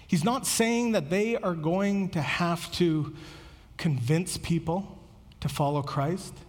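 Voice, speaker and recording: A pastor preaches a sermon in a high-sitting voice with a long reverb tail. His delivery is earnest and conversational, and he often repeats words as he goes.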